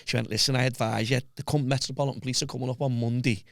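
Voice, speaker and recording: A man with a Liverpool accent tells a story to his podcast hosts, swearing freely and slipping into the voices of people he quotes. His voice has a gravelly, rough texture. The room sounds dry and close, with no echo. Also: mid-range voice, fairly even intonation, racing. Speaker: podcast guest. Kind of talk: casual storytelling chat.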